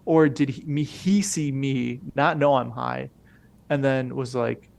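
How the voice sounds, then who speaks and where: Gravelly young man telling a rambling story. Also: mid-range voice, fairly even intonation, unhurried, a little mellow. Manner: rambling storyteller, slangy and profane, acts out quoted voices. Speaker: podcast co-host. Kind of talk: casual chat, storytelling.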